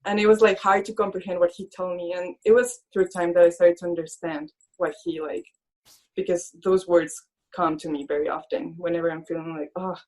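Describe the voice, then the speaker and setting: A young woman telling her own faith story as an interview guest. Her voice sits a little low for a woman, and she speaks earnestly, filling her sentences with "like" and acting out what she once thought to herself. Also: steady tone, fairly quick, darkish tone. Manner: earnest, fills speech with "like"; acts out her own past thoughts in quoted speech. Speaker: guest, illustrator. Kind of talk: personal faith testimony in conversation.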